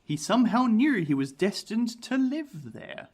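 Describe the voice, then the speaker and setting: Man, animated podcast co-host, slightly high voice, very lively delivery. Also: unhurried. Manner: animated, jokey, laughs often. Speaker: podcast co-host reading the book. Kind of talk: casual chat and reading aloud.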